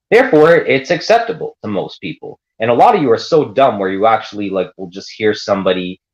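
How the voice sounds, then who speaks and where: A man holds forth on a livestream in a rambling rant, full of swearing and defiance. His voice sits a bit low, and he talks in loose, run-on stretches. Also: poor audio.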